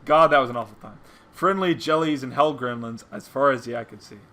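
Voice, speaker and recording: A man's voice: mid-range voice, a little fast, sharp tone. A man co-hosting a casual commentary stream, reading comic captions in a wry, exasperated way. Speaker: co-host reading comics aloud.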